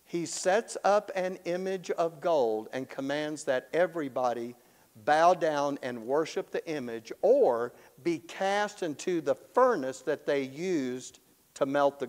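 A man teaching the Bible in an animated storytelling way, acting out the characters and chuckling often. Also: on the high side, long reverb tail, low-quality recording.

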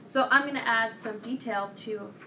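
A young woman presenting a children's program, reading a storybook and giving craft instructions in a slow, clear, kid-directed way. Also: on the high side, bright, forceful tone. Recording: distant mic with faint noise.

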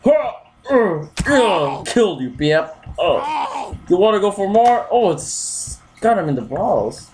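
A gaming video host with a wildly swinging pitch that jumps into yelps and shouts, laughing and taunting the game's characters. The delivery is drawn out and unhurried between outbursts. A faint hiss of noise sits behind the voice. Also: very animated. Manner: talks to game characters, taunting. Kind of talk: let's-play commentary.

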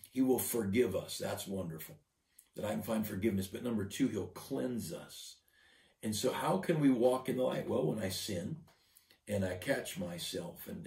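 A low, gravelly male pastor delivering an earnest devotional sermon, doubling back on his words as he presses each point. He sits a little away from the mic, so his voice rings through an echoey room. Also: darkish tone, far from the mic. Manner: earnest, repeats words while building a point.

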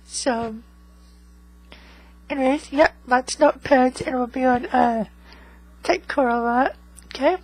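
A woman's voice: sits high, slow pace, pauses often, breathy edge, poor audio. A woman vlogging in casual chat to her viewers, rambling and tagging most remarks with 'okay?'. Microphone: USB microphone.

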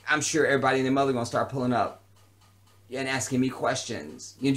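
A man's voice: medium pitch, steady tone, fast talker, a bit bright. A man delivering an unscripted vlog rant in a heated, profane, emphatic way, often repeating a phrase for emphasis. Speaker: vlogger. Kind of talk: unscripted ranting monologue.

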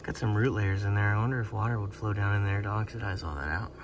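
Guy in a mine talking to the camera, gets all excited over rocks, some faint noise behind. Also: lowish voice, fast, far from the mic. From United States. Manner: excitable, marvelling, talks to viewers. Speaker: prospector filming his mine. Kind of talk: excited running commentary while working. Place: underground hard rock mine.

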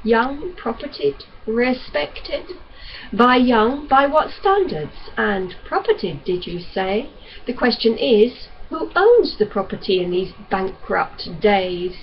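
A woman reading the part of a despairing young gentleman who talks with sneering bitterness and flares into savage outbursts. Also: mid-range voice, big pitch swings, slow pace, lo-fi sound, slight background noise. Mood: bitter.

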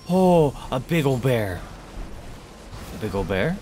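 A man streaming a video game, reacting loudly and excitably: he yelps and squeals at enemies, coos at animals in baby-talk, and drops to a hush when sneaking. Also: fairly high pitch, slow pace, noisy background. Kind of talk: live gameplay commentary.

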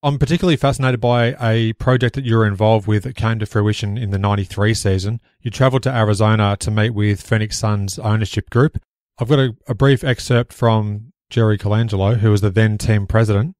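Low-voiced podcast host, dry close sound. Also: male voice, steady tone, a little mellow, no echo. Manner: measured, scripted phrasing. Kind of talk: prepared interview questions.

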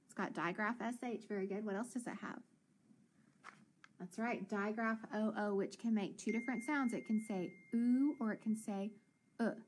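A woman teacher leading a children's phonics lesson, encouraging and sounding out words slowly. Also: mid-range voice, steady tone, a little hiss or hum.

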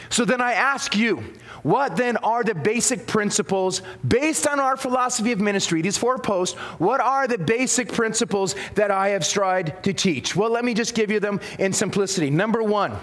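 A man with a high, emphatic preaching voice delivers a sermon in a church sanctuary. He leans on repetition and slips in folksy, down-to-earth asides as he talks to his congregation. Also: fairly bright tone. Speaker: pastor.

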